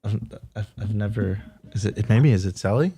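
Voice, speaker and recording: A man co-hosting a casual live crypto show, talking in a halting way with many fillers. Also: fairly low pitch, creaky, dark tone, breathy edge. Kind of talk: casual livestream chat.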